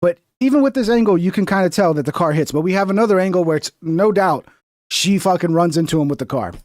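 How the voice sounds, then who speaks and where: Male streamer, high voice, dry close sound, heated, profane, mocking. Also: animated, fast talker, darkish tone, dry recording. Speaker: political commentary streamer. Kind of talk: heated livestream commentary.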